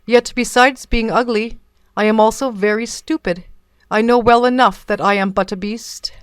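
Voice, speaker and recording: A woman voicing a gentle, unhappy male beast who speaks with awkward, melancholy politeness. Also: a little high, steady tone, moderate pace, clean tone, no echo, natural voice. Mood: sad.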